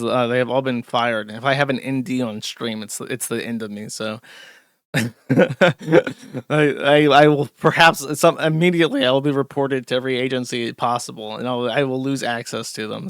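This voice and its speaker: A man hosts a casual commentary show in a sarcastic, mocking tone. His voice is bright and sharp, and it is recorded dry and close. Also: mid-range voice, clean tone, no echo. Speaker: show host.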